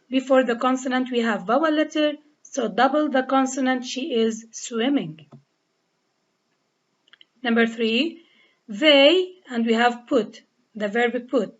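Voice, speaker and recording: Lebanese woman teacher, deliberate and slow, spells words out letter by letter, muffled lo-fi sound. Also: high-pitched. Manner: spells out letters and repeats each rule step by step. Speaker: English teacher. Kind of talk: slow, deliberate grammar lesson. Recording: dull lo-fi recording.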